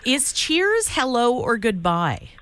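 A woman's voice: on the high side, very animated, takes it slowly, fairly bright tone. A woman hosting a morning radio show, playful and giggly in casual chat with a caller. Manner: playful, giggly, trying out phrases.

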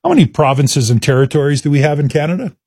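A man's voice: fairly high pitch, fast, slightly rough, no room sound, studio quality. A man hosting a casual chat, quizzing his guest and laughing along. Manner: lively, laughing quizmaster. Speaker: host.

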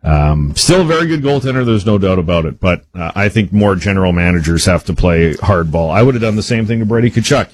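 A man co-hosting a sports radio talk segment, opinionated and animated, speeding up when he makes his point. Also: deep voice, fast talker, hardly any pauses, no room sound, poor audio.

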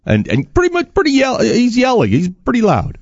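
A male morning radio host who tells stories with a lively, swinging pitch. His voice is dry and close, from a studio mic. The broadcast audio sounds a little dull. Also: brisk, no room sound. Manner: storytelling, animated, laughs easily. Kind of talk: casual chat. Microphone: studio microphone.

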